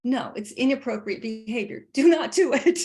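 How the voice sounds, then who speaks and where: A woman dog trainer talking through leash training in a casual, lively way, laughing often and hammering her points with emphatic asides. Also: a little high, normal speed. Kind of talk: casual instructional chat.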